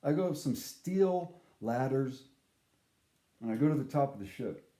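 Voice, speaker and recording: A man's voice: medium pitch, expressive, measured pace, dark tone, roomy sound. A man telling a casual, comic story in a rambling, profane way, often breaking off his sentences. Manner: rambling, profane, self-interrupting.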